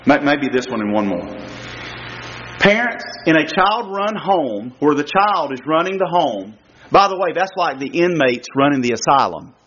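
Emphatic male preacher, slightly high, lo-fi. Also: big pitch swings, normal speed, fairly bright tone, a little hiss or hum. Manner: emphatic, many rhetorical questions, wide pitch swings. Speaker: guest preacher. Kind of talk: sermon. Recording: lo-fi dull recording.

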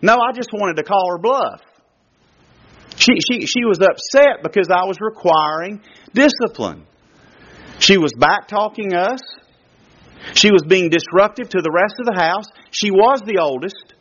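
A middle-aged man delivers a sermon in a fairly high voice. He hammers his points with repetition and jumps in pitch to mimic others. The recording sounds dull and muffled. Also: expressive, a little slow, a bit bright. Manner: emphatic, repetitive, swings pitch to act out quotes. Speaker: pastor. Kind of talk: sermon on parenting.

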